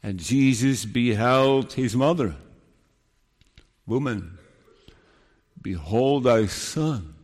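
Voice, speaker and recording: A man delivers a sermon at a slow, deliberate pace in a mid-pitched voice. His words ring out in a long, echoing hall reverb, as in a church or large hall. He drops to hushed, solemn tones, then builds to emphatic rises. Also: animated. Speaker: preacher.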